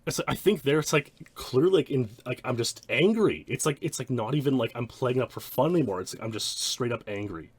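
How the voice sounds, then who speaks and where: A man's voice: mid-range voice, lively intonation, brisk, hardly any pauses, slightly rough, no room sound. A man, a speedrunner, giving rambling, reflective commentary on his own old streams. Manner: rambling, many restarts and "like" fillers.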